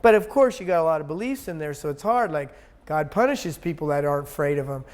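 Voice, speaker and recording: Man, high pitch, interview guest; blunt, profane, emphatic, rambling. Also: animated, fast talker, a little mellow. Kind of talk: casual conversational interview.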